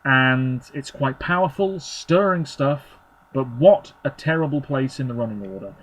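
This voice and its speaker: Husky-voiced man giving quick verdicts. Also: mid-range voice, a bit bright, low-quality recording. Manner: chatty, sarcastic, quick verdicts in short phrases. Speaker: Eurovision commentator. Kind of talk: opinionated solo commentary.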